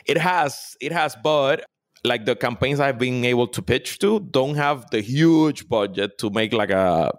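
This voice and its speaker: A man, a political consultant giving emphatic, animated answers in a podcast interview. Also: mid-range voice, a little slow, dry recording, studio quality. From Puerto Rico. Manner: emphatic, animated, repeats for stress.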